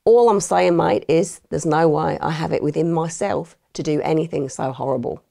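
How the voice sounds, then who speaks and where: A woman's voice: low voice, normal speed, creaky, dark tone. Woman putting on a brash Australian bloke. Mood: dismissive. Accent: put-on Australian. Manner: flippant, brushing off accusations. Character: brash male suspect, evasive, dismissive.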